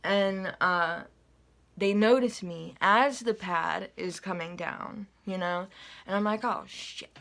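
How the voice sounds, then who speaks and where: A woman recounts her dream in an easygoing, rambling monologue, often trailing into fillers and little asides. Her voice sits at an ordinary middle pitch for a woman. It sounds like an unedited phone recording. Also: slow, gravelly, a bit bright. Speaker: vlogger telling a dream. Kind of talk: casual rambling storytelling.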